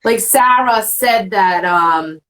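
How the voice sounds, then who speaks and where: A woman's voice: mid-range voice, slow pace, a bit bright, rough recording. Candid rambling woman host. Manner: candid, rambling, acts out quoted remarks. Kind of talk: casual chat.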